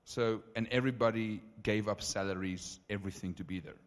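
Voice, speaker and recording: A man preaching as the preacher, telling stories in an animated, conversational way with many asides. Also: on the low side, brisk. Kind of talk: sermon storytelling. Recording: reverberant hall.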